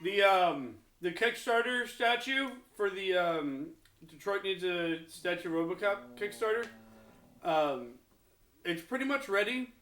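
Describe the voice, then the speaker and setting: A man's voice: high voice, animated, a little slow, fairly bright tone. A man in a casual podcast chat, blunt and teasing toward his friends. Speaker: podcast co-host. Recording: echoey room.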